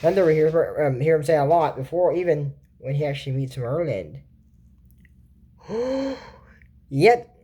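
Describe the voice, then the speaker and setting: A woman's voice: low voice, normal speed, warm tone, highs cut off. A woman hosting a casual video at home, recapping a cartoon episode in a rambling way with many fillers and restarts.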